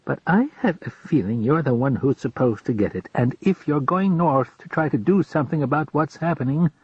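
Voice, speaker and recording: Casting: man playing friendly rambling farmer, husky, dull lo-fi sound. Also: fairly high pitch, animated, moderate pace, dry recording. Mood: earnest. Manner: chatty, earnest, rambling. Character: friendly old farmer, talkative. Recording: dull lo-fi recording.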